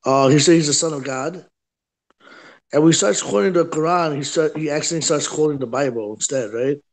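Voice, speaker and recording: A man's voice: on the high side, a little fast. A man hosting a livestream who tells a story in casual chat, acting out quotes and saying "right?" and "bro" often. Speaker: livestream host.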